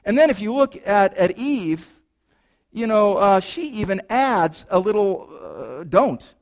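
A man delivers a sermon from the pulpit in a fairly high voice. He swings between reading scripture and lively, joking asides to his listeners, peppering them with rhetorical questions. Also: measured pace. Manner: animated, rhetorical questions to the congregation; reads scripture aloud, then riffs with playful asides. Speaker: pastor.

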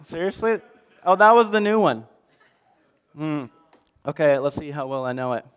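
A man preaching a lively, jokey story sermon, swinging between loud bursts and hushed asides. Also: on the high side, moderate pace, clear, resonant tone, big-room sound. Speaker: pastor.

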